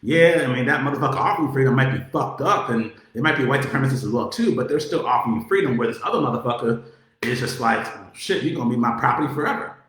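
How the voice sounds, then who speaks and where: A man giving a casual political monologue, talking in a profane, animated way, with many filler words. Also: on the high side. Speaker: political commentator. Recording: very echoey room.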